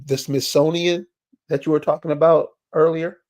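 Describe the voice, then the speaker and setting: A man's voice: fairly high pitch, flat delivery, normal speed, a little mellow. A man hosting a casual discussion and asking questions, sometimes hesitant and searching for words.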